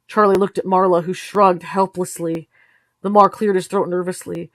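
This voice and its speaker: A tired woman reading a novel aloud in steady, low-key storytelling narration. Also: moderate pace, no room sound. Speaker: audiobook reader. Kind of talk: read-along narration of a novel.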